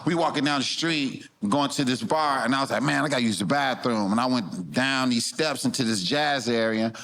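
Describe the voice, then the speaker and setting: A man's voice: medium pitch, normal speed, fairly bright tone, slight background noise. A middle-aged comedian telling a loose, slangy story in casual chat, often laughing as he talks. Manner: loose, slangy, laughs through his lines.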